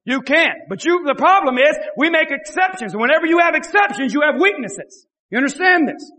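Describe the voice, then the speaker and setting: Very high-voiced shouting preacher man. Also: lively intonation, fairly quick, big-room sound. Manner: impassioned, often shouting, repeats phrases. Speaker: pastor. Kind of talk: sermon.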